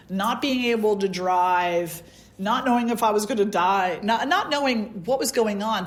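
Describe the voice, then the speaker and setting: Woman telling a personal story. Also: mid-range voice. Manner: storytelling, acts out quoted dialogue. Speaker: spiritual teacher. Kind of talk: satsang talk, personal story.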